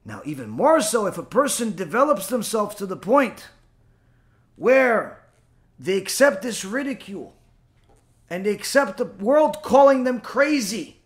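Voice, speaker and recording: A man teaches a religious lesson in a high, lively voice that leaps up and down. He acts out little back-and-forth exchanges and fires rhetorical questions at his listeners. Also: measured pace. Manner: animated, rhetorical questions and mock dialogue. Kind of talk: spoken Torah lesson.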